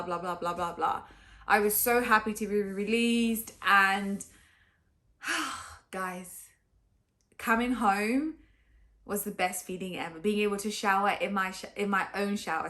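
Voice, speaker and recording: A woman's voice: medium pitch, pushed and bright. Chatty woman vlogger. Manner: chatty, frequent fillers, acts out quotes. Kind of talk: casual storytelling to camera.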